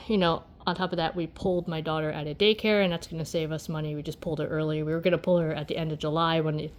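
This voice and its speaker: A woman vlogger with a slightly low voice talks casually while she crochets. She rambles in a tired way and leans on "you know" and "um" between thoughts.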